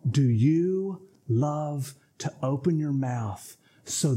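A man's voice: fairly high pitch, animated, very slow, mellow, husky. A man preaching a sermon, emphatic and repetitive, often addressing the congregation as folks. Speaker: pastor.

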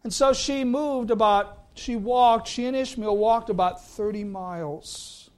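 A male pastor preaching a sermon and reading scripture, deliberate, with his voice sinking soft at the ends of phrases. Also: very high-pitched.

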